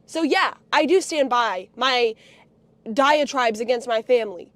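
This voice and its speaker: A woman telling a story on a live stream in a profane, angry rant that often breaks into shouting. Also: fairly high pitch, expressive, a little slow, no room sound. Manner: foul-mouthed, angry, swings into shouting.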